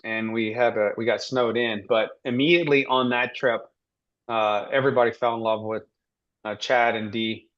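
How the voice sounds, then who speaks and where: A man hosting a team training interview, asking rambling, halting questions with many restarts. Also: mid-range voice, steady tone, muffled recording. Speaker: host.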